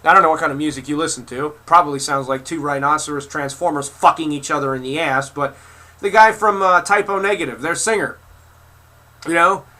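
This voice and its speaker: A man's voice: fairly high pitch, steady tone, a little fast, pushed and bright. Furious swearing man in his twenties. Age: 20s. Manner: furious, swearing, stammering repeats. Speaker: video creator answering critics. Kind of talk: angry profane rant to camera.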